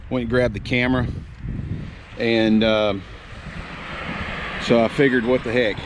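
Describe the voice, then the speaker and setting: Excitable guy chatting to his camera outdoors in a yard, average pitch, faint traffic hum behind. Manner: excitable, exclaims and repeats himself. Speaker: metal detecting vlogger. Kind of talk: casual vlog narration while digging outdoors. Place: outdoors in a town yard, rainy day.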